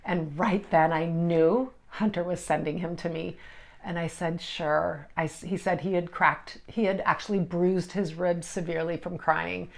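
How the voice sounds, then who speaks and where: A middle-aged woman, an energy healer, telling a personal story in an emotional, halting way with many restarts. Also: fairly low pitch, steady tone, vocal fry.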